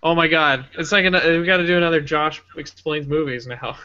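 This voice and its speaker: Podcast guy, high bright voice, animated profane retelling, dull lo-fi audio. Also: fairly quick, clean tone. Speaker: podcast co-host. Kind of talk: casual podcast chat, retelling a movie.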